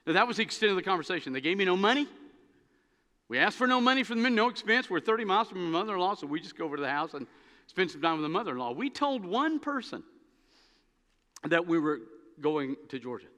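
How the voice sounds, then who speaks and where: A man preaching a sermon as pastor, telling stories with an animated, dry humor. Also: sits high, fast talker. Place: church sanctuary. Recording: long reverb of a church hall.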